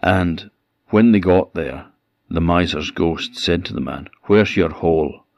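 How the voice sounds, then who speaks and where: A man with an Orkney accent telling a traditional folk tale, lively and shifting his pace and loudness. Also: low-pitched, a little slow, dry recording, muffled recording. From Orkney, Scotland. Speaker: traditional storyteller.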